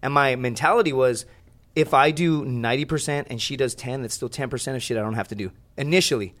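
A young man telling a story as a podcast guest, in rambling, profane casual chat with lots of animated asides. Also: mid-range voice, fast talker.

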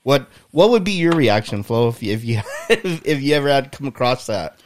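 A man's voice: mid-range voice, animated, fairly quick, slight background noise. A man in a mid-range voice hosts a casual podcast chat. He leads with questions, swears casually and laughs easily. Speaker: podcast host.

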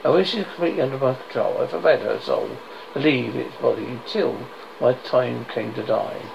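A man reading the part of a feverish, desperate bedridden man who begs to go to his dead wife, in a gravelly voice with broken repetitions. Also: medium pitch, fairly quick. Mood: urgent. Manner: pleading, frantic, broken repetitions. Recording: dull lo-fi noisy recording.

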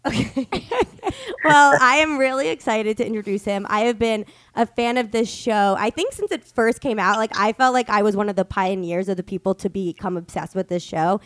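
A young woman co-hosting a podcast with her mother, telling stories in an animated way and acting out what people said. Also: medium pitch, normal speed, no room sound. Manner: animated storytelling, acts out quotes loudly. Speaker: podcast co-host. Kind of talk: casual chat. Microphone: studio microphone.

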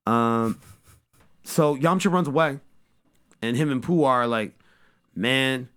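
A man hosting a podcast, giving a casual, profane and joking recap of an episode as an animated storyteller. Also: mid-range voice, a little slow. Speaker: podcast host.

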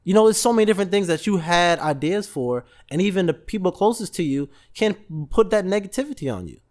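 A man, hosting a casual motivational podcast and telling stories with lively, acted-out voices. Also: high-pitched, fast talker. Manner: animated storytelling, acts out voices in quotes, laughs often. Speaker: podcast host.

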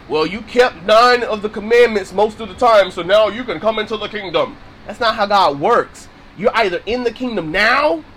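A man's voice: high voice, a bit bright, a little hiss or hum, rough recording. A man preaching on scripture in a casual, emphatic way, repeating his points to drive them home. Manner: casual, informal phrasing. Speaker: Bible teacher.

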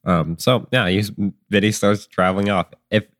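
A man running a tabletop game as game master, talking in a loose, halting way full of ums and likes. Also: lowish voice, fairly even intonation, a bit bright, no room sound, clean studio sound.

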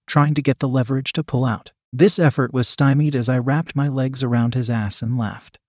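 Guy narrating a story, steady even read, mid-pitched, dry with no room sound. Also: normal speed, hardly any pauses, dry recording. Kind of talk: scripted narration.

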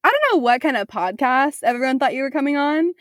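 A young woman hosting a podcast in casual chat, animated and teasing, often laughing as she tells stories. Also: high voice, quick pace, dry recording, studio quality. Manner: animated, giggly, teasing storyteller. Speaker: podcast host.

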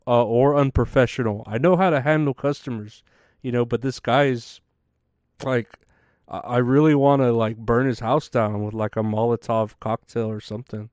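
A man's voice: medium pitch, fairly even intonation, normal speed, a little mellow, clean tone, no room sound, clean studio sound. A young man hosting a show, rambling casually and cursing often between laughs. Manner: profane, chatty, laughs often. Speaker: podcast host.

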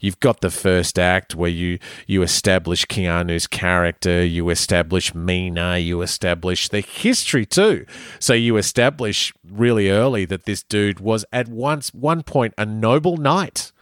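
A young man co-hosting a podcast, chatting casually with animated, slangy, joking banter. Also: sits low, unhurried, no echo, studio quality. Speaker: podcast co-host. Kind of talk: casual chat.

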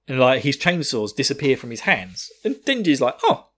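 A man's voice: mid-range voice, normal speed. A man in a mid-range voice recapping an anime episode for a podcast. He talks casually, swears freely and laughs through his retelling, acting out the lines with relish. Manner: laughing, profane, animated retelling. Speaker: podcast co-host.

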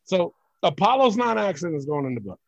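A gravelly, high male voice speaks briskly in a lo-fi recording with no echo. The speaker, a wrestling podcast co-host from Puerto Rico, launches into blunt, animated rants and swears freely in casual conversation.

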